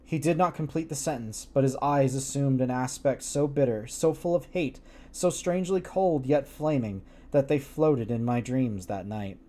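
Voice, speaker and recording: A man reading a gothic story aloud on a live stream, breaking off for animated, joking asides. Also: mid-range voice, normal speed.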